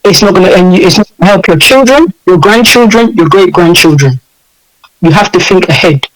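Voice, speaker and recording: Interview guest: English-accented man, high voice, emphatic and animated, hammers his points home. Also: brisk, poor audio. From United Kingdom. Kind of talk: impassioned interview talk.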